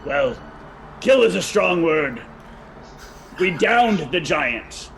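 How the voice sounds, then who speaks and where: A man playing a tabletop game, arguing in character with quick banter. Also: high voice, big pitch swings, gravelly, a bit bright, slight background noise. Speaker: player.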